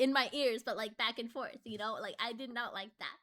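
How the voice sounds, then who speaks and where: A young woman streaming a horror game live, reading the story aloud in a hushed, dramatic way and squealing and giggling when startled. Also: a little high, expressive, normal speed, few pauses.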